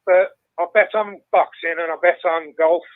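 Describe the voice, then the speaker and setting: A man's voice: high voice, moderate pace, no room sound. Foul-mouthed older man on a phone line. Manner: swears constantly, animated storytelling. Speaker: caller. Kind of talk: casual phone-in chat.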